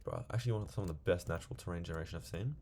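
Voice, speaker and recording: A man's voice: deep voice, racing, creaky, darkish tone, slight background noise. A young man chatting to himself while playing a video game, rambling casually from one thing to the next. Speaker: gaming video creator. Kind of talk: casual gameplay commentary.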